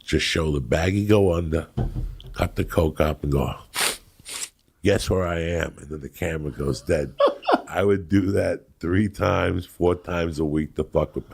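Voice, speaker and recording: A middle-aged man from New Jersey, a comedian host telling loud, crude, rambling stories in casual chat. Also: low voice, measured pace. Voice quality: gravelly. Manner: loud, rambling and crude, breaking into acted quotes. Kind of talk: profane storytelling chat.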